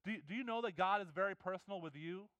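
A man preaches a sermon in an earnest, conversational way, often restarting his sentences. His voice sits high and comes across smooth and resonant. The sound is dry and close. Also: fast talker, fairly bright tone, no echo, lo-fi sound. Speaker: pastor.

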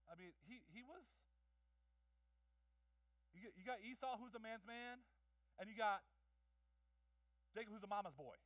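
A male pastor preaching in a church, telling stories in an animated way with jokes and acted-out voices. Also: high-pitched, no room sound, far from the mic, poor audio. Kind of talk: sermon. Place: church hall.

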